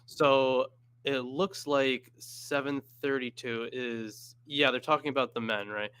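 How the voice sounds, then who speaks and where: This is a man talking through a question with a panel, hesitant and searching as he reads up on the spot. His voice comes through bright and crisp. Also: medium pitch, fairly even intonation, takes it slowly. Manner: thinks aloud while looking up references, hesitant. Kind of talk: casual discussion.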